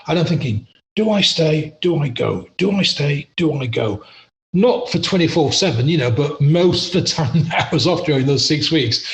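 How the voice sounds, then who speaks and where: A middle-aged Englishman from England appears as a podcast guest, spinning yarns in a chatty, self-deprecating manner and laughing a lot during a casual storytelling interview. His voice sits a little high and sounds reverberant.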